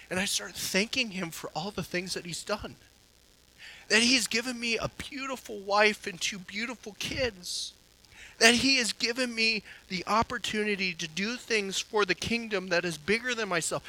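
A pastor delivering a sermon in a high, forceful voice. He exhorts his listeners earnestly and presses his points home through emphatic repetition. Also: poor audio.

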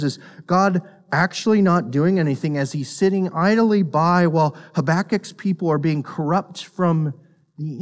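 A man preaching a sermon, earnest and emphatic, repeating words as he builds a point and sinking low and quiet on solemn lines. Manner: repeats words while thinking. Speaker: pastor.

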